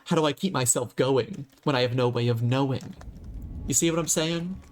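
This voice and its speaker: A man's voice: mid-range voice, normal speed, a little hiss or hum. A man streaming a video game, joking, theatrical and profane as he retries. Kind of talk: gaming livestream commentary.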